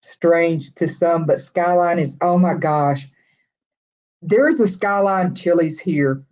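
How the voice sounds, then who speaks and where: A woman's voice: on the low side, takes it slowly, a little mellow, low-quality recording. A middle-aged woman with a Texas accent chatting casually with live viewers, rambling from one thought to the next. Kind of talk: casual live-stream chat.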